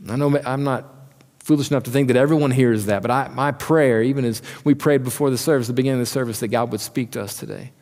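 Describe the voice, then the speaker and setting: A man's voice: medium pitch, quick pace, a little mellow. A man preaching a sermon as pastor, earnest and asking the listeners direct questions. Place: church hall. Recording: church sermon with long hall reverb.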